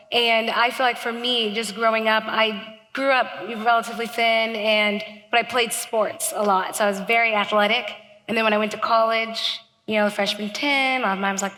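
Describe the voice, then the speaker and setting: A young woman with a bright, highish voice tells her story in a relaxed, chatty way. Her voice rings out in an echoey hall. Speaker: guest. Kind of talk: personal story in interview.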